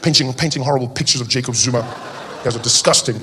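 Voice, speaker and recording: A man's voice: mid-range voice, quick pace, a little hiss or hum. A man from South Africa performing a stand-up comedy routine on stage, telling stories and acting out the people in them. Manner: animated storytelling, voicing people in his anecdotes.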